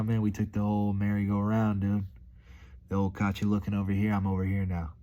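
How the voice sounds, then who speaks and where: Laid-back low-voiced guy. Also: completely flat delivery, brisk, dark tone, muffled recording. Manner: laid-back, rambling, says dude and man a lot. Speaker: vlogger. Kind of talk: casual reflective monologue.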